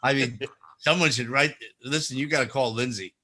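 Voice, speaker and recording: Man, radio host, bright forceful voice, rambling self-mocking chat, studio mic. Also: medium pitch, moderate pace, a little hiss or hum. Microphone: studio microphone.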